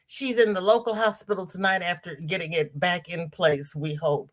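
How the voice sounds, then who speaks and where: A middle-aged woman hosting a casual crafting livestream and reading viewer comments aloud. She is effusive and affectionate, calls viewers "girl" and "honey", laughs often and jumps high in pitch when excited. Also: normal speed, hardly any pauses. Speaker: livestream host of a crochet show.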